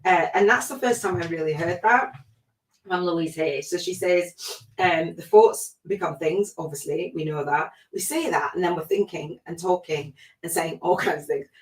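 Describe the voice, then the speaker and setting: A middle-aged woman with a low voice talks casually and reflectively, filling her sentences with little hesitations. She sits some distance from the mic in a room that rings with echo. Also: normal speed. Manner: chatty and reflective, with many fillers. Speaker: spiritual life coach hosting a podcast. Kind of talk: casual spoken monologue. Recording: echoey room, voice away from the mic.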